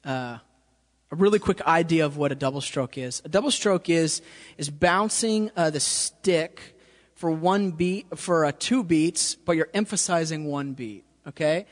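A man's voice: on the high side, unhurried. Casual man teaching a drum lesson. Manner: casual, checks understanding with frequent "okay?". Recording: reverberant room with drums playing.

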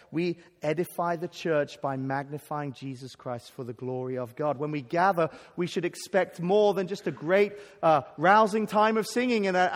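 A man preaching a sermon at a conference, earnest and emphatic, often stumbling over and restarting his words. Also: on the high side. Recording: long hall reverb.

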